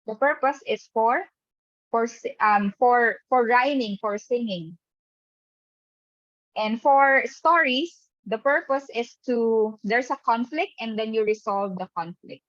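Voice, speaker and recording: A woman's voice: fairly high pitch, slow pace, fairly bright tone, dry recording. A woman teacher running an online lesson who keeps checking in with the class by asking "right?". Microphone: webcam mic on a video call. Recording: dull, dry video-call audio.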